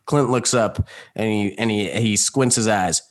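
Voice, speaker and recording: A man narrating a tabletop game as game master in a relaxed, rambling way. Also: lowish voice, a little slow.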